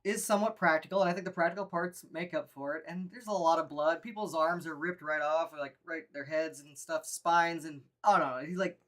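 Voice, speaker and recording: Laughing low-voiced woman reviewing movies. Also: brisk, hardly any pauses. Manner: laughs often, goofy and rambling. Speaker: co-host of a horror movie review show. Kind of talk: casual live movie review chat.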